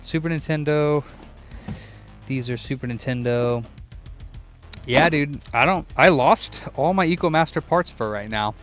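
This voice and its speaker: A man's voice: fairly high pitch, unhurried, long pauses, a bit bright, faint music behind. Foul-mouthed young man rambling at his workbench. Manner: profane, rambling, talks to himself and chat. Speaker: repair shop owner streaming repairs. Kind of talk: casual livestream chat while working. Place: his repair shop, indoors.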